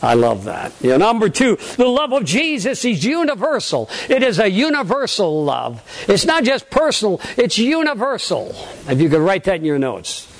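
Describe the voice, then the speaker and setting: Older guy preaching, high voice that jumps all over, tells stories and laughs along. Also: normal speed, hardly any pauses. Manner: animated storytelling, laughs at own anecdotes. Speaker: pastor. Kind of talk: sermon.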